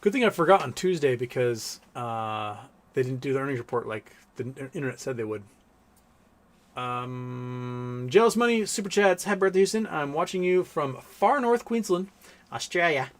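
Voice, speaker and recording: A man's voice: medium pitch, expressive, moderate pace. A man hosting a casual livestream from home, rambling about markets and reading viewer comments aloud with some swearing. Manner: baby-talk coaxing to his pets. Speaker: livestream host.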